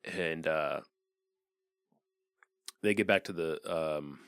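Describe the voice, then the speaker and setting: A man with a very low voice co-hosting a casual movie podcast, easygoing and quick to laugh. He is recorded close up in a dry room. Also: fairly bright tone, clear, resonant tone, dry recording. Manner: laid-back, laughs often, chimes in. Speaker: podcast co-host. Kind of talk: casual movie recap chat.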